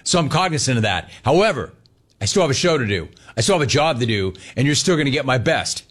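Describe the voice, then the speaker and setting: A man's voice: medium pitch, big pitch swings, fast. A man hosting a sports talk radio show, emphatic and riffing on callers.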